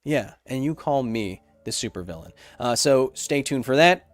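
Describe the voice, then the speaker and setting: A man in his thirties hosting a science livestream Q&A, chatting casually in an animated, joking, rambling way. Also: mid-range voice, moderate pace, no room sound.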